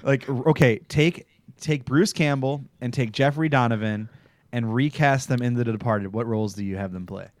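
Animated man chatting on a podcast. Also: moderate pace, no echo. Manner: animated, laughing, jumps into high voices for quotes. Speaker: podcast co-host. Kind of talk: casual chat about a TV show.

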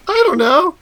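Lively, bright-voiced joking man. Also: very high voice, breathy edge. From Ireland. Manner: playful, laughs often, riffs in silly voices. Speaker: podcast co-host. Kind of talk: comedic casual chat.

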